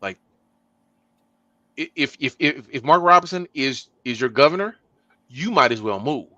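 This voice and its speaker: A man in the middle of his range hosts a casual political chat, his delivery emphatic and animated. The sound is dry and slightly dull, like a small untreated room mic. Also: medium pitch, moderate pace, dry recording. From Texas. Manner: animated, emphatic, rising to loud bursts. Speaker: podcast host.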